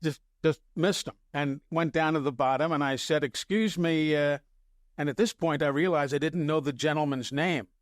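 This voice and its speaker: An older man from the New York area, a sports broadcaster, casually telling animated stories on a podcast, chuckling as he quotes himself. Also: a little high, normal speed, no echo, studio quality.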